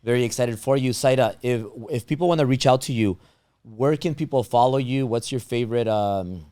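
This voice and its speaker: A podcast host conducts a casual interview in a mellow, mid-range voice, speaking a little fast with no echo. He sounds tired and strained, says his voice is going, and rambles with many restarts from his sore throat.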